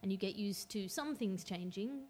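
A woman's voice: medium pitch, expressive, moderate pace, darkish tone, a little hiss or hum. A woman hosting a casual chat podcast, reflective and encouraging with her guest. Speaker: podcast host.

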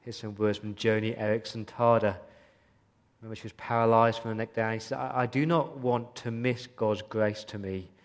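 A man's voice: on the low side, fairly even intonation, normal speed. A man preaching a sermon as a pastor, earnest and pleading, asking many questions of his listeners. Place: church hall. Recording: long hall reverb.

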